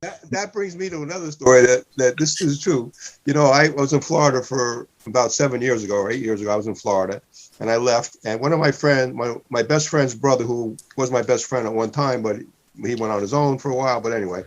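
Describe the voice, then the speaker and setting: Rambling middle-pitched man telling a story. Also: fast talker. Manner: rambling, self-interrupting. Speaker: comedian. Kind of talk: casual storytelling.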